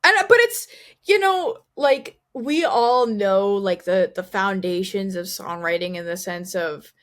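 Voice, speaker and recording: A young woman, a band singer, chatting casually as an interview guest, telling stories with lively quoted dialogue and casual swearing. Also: medium pitch, unhurried. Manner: animated storyteller, swears casually, quotes others.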